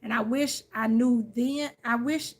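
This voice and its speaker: A woman's voice: a little high, steady tone, measured pace. A woman tarot reader in a casual, candid chat, speaking emphatically and calling her listeners "y'all" and "honey.".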